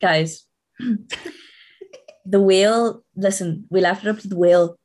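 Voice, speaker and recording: A young woman co-hosting a podcast in casual chat, chatty and quick to laugh. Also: medium pitch. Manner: chatty, excitable, laughs often. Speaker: podcast co-host.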